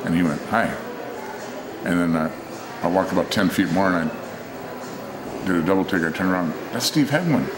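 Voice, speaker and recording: A man recounting a memory in an interview, halting with frequent "uh"s. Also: low-pitched. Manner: halting anecdote with many "uh"s. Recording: echoey room with crowd noise.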